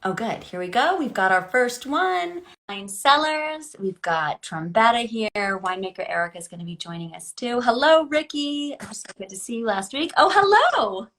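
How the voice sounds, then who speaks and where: Speaking at a moderate pace with hardly any pauses, a Chicago-area woman runs a live online wine tasting from her kitchen via video call, cheerfully talking through the logistics of her setup. Her voice is slightly high, fairly bright and swings widely in pitch.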